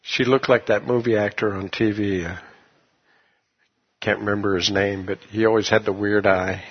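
A man preaching a sermon, telling a folksy story and rising into loud shouts of praise. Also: on the low side, steady tone, normal speed, husky. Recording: dull lo-fi sermon recording.

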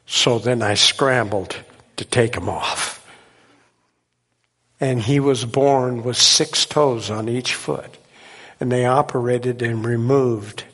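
A man preaching, telling a miracle story in an animated way and laughing at his own tale. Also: medium pitch, slightly rough, in a large hall. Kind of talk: sermon testimony storytelling.

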